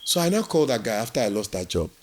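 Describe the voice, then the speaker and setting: A man's voice: medium pitch, racing. A man from Nigeria, telling his work story as an interview guest and acting out the dialogue. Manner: animated storyteller who acts out quoted dialogue.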